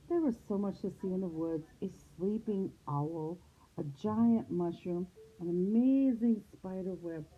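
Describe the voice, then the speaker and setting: A woman's voice: fairly low pitch, breathy edge. A woman teacher reading a storybook aloud to young children, telling it expressively. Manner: expressive storytelling, shifts into character voices. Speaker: preschool teacher. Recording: phone-like lo-fi sound.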